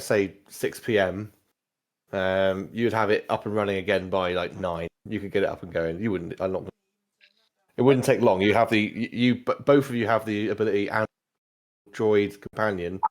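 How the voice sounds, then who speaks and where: A man running a tabletop game, his voice a little low. He explains things casually, restarting sentences and clearing his throat as he goes. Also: fairly even intonation, a little fast. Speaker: game master.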